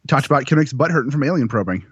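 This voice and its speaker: Fast-talking wry podcast host. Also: male voice, mid-range voice, lively intonation, a bit bright, slightly rough, no echo, dull audio. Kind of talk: casual podcast chat.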